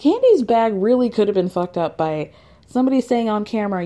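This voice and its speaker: A woman's voice: medium pitch, big pitch swings, a little fast, mellow. A woman casually recapping with profanity, chatty and opinionated, laughing as she retells.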